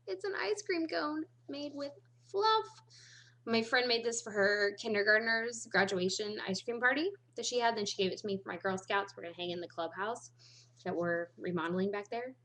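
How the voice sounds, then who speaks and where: A woman's voice: mid-range voice, fairly quick, a bit bright. A woman in her thirties chatting casually to camera in a bubbly, talkative way, often laughing. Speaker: vlogger.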